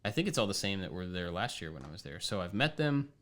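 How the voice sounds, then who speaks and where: A man co-hosting a casual podcast chat, calm and mostly answering with brief listener remarks. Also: deep voice, fast talker. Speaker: podcast co-host.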